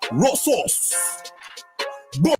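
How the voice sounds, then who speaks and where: A man's voice: darkish tone, faint music behind. A man voicing a boastful male rapper in a mocking sing-song parody. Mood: mocking swagger. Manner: sing-song mocking delivery with drawn-out ad-libs. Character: boastful swaggering male rapper mock-performing.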